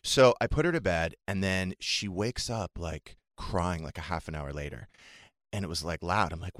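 A man co-hosting a radio talk show, chatting casually and telling animated stories with quoted dialogue. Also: deep voice, moderate pace, dry recording. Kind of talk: casual chat.

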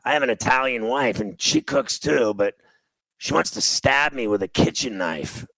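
A middle-aged man hosting a casual chat, telling animated stories and acting out quotes. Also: mid-range voice, normal speed, vocal fry, dry recording, low-quality recording. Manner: animated storyteller, acts out quotes.

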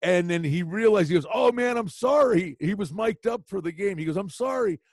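A man hosting a casual sports chat, telling stories in an animated way. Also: high-pitched, a little fast, no room sound, studio quality. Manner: animated storyteller.

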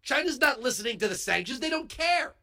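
A male talk show host delivering a heated political commentary monologue into a studio microphone, emphatic and building to yells. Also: very high-pitched, sing-song, fairly quick. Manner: heated, emphatic, swings into yelling. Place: radio studio. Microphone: studio broadcast microphone.

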